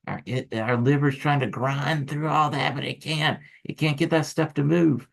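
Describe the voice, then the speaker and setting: A middle-aged man teaching acupuncture students in a casual, joking lecture with lively asides to the viewer. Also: on the high side, normal speed, vocal fry. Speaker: acupuncture instructor.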